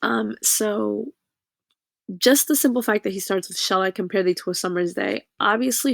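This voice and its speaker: A woman teacher talks students through a lesson, pausing often to check that they follow. Her voice has a gravelly edge, and the recording is dry and close. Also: medium pitch, no echo. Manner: explanatory, uses fillers and checks in with "okay?".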